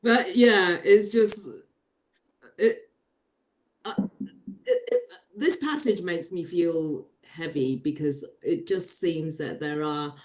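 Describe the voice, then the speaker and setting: A woman on a podcast who speaks earnestly and haltingly, searching for her words. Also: fairly low pitch, expressive, a little mellow. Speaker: podcast guest. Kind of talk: casual podcast discussion.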